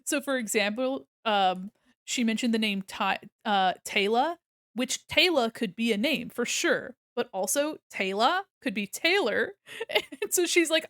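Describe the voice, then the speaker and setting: A woman's voice: a little high, lively intonation, unhurried, fairly bright tone, no echo, clean studio sound. An American woman streaming her art, chatting casually and giggling as she thinks aloud while she draws. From United States.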